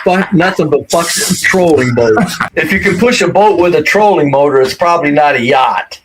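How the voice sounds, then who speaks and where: Blunt, profane man with a higher voice. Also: lively intonation, normal speed. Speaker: co-host. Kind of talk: casual podcast chat. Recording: noisy audio.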